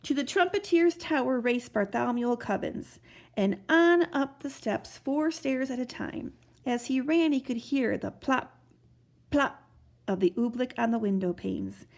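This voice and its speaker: A woman's voice: fairly high pitch, unhurried, gravelly. A woman expressively reading a children's storybook aloud. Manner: expressive, animated narration.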